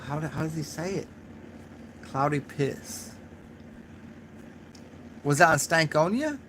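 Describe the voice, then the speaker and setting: A man's voice: fairly high pitch, sing-song, quick pace, background noise. Rambling, tipsy man on a livestream. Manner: rambling, profane, laughs at his own jokes. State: a little drunk. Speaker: channel host answering live chat. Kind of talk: casual livestream chat.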